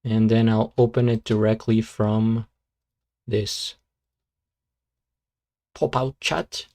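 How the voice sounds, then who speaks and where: A male streamer reacts to beatbox videos in casual live-stream commentary, slow and easygoing. He has a lowish voice and a relaxed, rambling manner packed with fillers and self-corrections.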